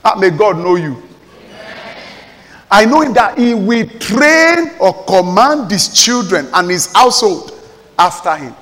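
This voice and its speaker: A Nigerian pastor with a notably high-pitched male voice, delivering an emphatic sermon that swings between forceful exhortation and quiet pleading. His voice rings out with the long reverb of a big church hall. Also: very animated, a little slow.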